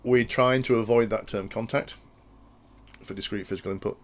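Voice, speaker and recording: A man's voice: on the low side, steady tone, moderate pace. A man explaining industrial control logic in a tutorial, thinking aloud and often restarting his sentences. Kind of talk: technical tutorial walkthrough.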